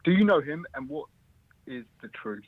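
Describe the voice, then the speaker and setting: A man calling in to a talk show, speaking in a hesitant, halting way full of fillers. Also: fairly high pitch, very animated. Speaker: caller. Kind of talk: phone-in call. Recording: dull dry phone line.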